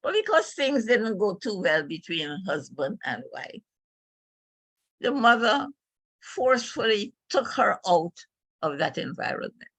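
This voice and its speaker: An older woman giving a speech, telling a personal family story in an emotional, halting storyteller's way. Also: fairly low pitch, fairly bright tone, husky, no echo. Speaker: speaker at a club meeting.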